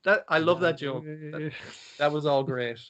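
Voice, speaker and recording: A man's voice: a little high, a bit bright, dull audio. A man co-hosting a podcast, chatting casually, swearing often and acting out characters' lines as he recaps an episode. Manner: swears a lot, acts out characters' lines in quick voices. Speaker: podcast co-host. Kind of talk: casual chat recapping anime.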